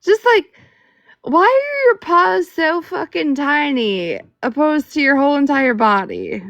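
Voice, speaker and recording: A woman's voice: high voice, expressive, unhurried, a bit bright, no echo, muffled recording. A middle-aged woman, a livestream host, telling pet stories in casual, profane chat with lots of "like" and "right?".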